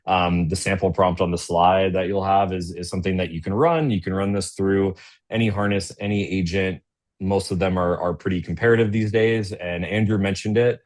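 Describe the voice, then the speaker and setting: A low-pitched man walks viewers through a software demo on a webinar. He talks in a loose, conversational way and keeps tagging his points with "right?". He sounds like he is speaking into a computer mic on a video call. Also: fairly even intonation, moderate pace. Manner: conversational, tags sentences with "right?". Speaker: webinar presenter. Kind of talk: casual business webinar walkthrough.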